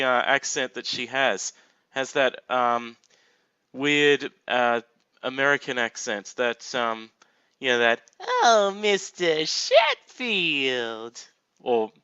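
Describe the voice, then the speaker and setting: A man's voice: mid-range voice, sharp tone, clear, resonant tone, no room sound, highs cut off. A man giving casual blind reaction commentary on a cartoon, joking, laughing often and dropping crude asides.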